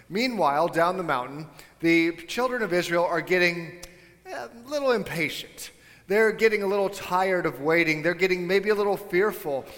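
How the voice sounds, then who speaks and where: A man preaches in a church sanctuary, talking to his congregation in a loose, conversational way and tossing in jokey asides. His voice sits a little high for a man. The sound hangs in a long hall reverb. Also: fairly bright tone. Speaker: pastor. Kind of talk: sermon.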